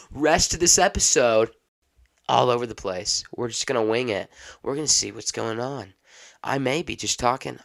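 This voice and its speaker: Guy ranting solo on his podcast, rambly and fed up, middle pitch. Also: gravelly, fairly bright tone. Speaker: podcast host.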